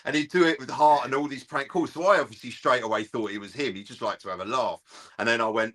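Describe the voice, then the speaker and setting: A middle-aged man telling a lively fan story in casual chat, acting out the voices of people on the phone. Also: mid-range voice, fast talker. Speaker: presenter and fan-channel regular.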